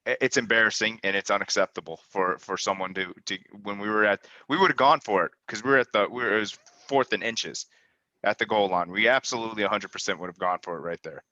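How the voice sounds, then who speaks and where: A man co-hosting a sports reaction talk, judging the team's play in halting sentences with many restarts. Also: on the low side, bright, forceful tone, no echo. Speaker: co-host. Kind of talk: postgame fan reaction talk. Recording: dull lo-fi dry sound.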